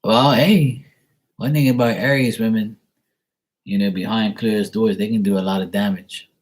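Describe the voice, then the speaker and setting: A Bermudian man talks casually to his viewers in a loose, wandering monologue. His voice sits on the low side and has a husky edge. He drifts from story to story, often slipping into the voices of people he quotes. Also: steady tone, normal speed. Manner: chatty, digressive, mimics other people's voices in quotes. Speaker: vlogger answering viewer questions.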